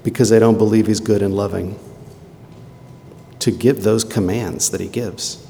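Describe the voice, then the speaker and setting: Gravelly guy preaching, chatty asides and rhetorical questions, big echoey church hall. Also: lowish voice, steady tone, moderate pace, mellow, slight background noise. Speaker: pastor. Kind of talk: sermon. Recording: long hall reverb.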